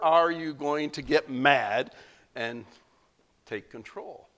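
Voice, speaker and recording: A man's voice: on the high side, slow, a bit bright. Man preaching in a chatty, laughing way. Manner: conversational preaching with frequent laughs and fillers. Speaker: pastor. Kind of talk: sermon.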